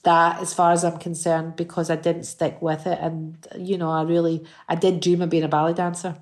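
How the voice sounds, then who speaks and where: A woman in her fifties with a Glaswegian Scottish accent, a guest in a casual interview, telling stories in an animated, chatty way with many restarts. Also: fairly low pitch, normal speed. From Scotland. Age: 50s. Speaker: guest singer.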